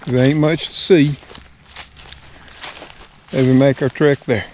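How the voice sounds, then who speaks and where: An older man from the US Deep South with an Alabama accent, vlogging in a slow, folksy, homespun manner as he walks outdoors through the woods. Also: steady tone, slight background noise. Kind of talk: casual walking vlog. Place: outdoors in woods and on a front porch.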